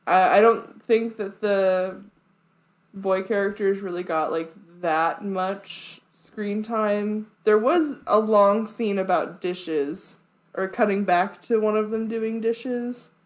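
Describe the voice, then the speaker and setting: A woman co-hosting a casual podcast chat. She talks loosely and chattily, full of "like" and dry little quips, at an ordinary pitch and pace. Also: slow pace, poor audio. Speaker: podcast co-host.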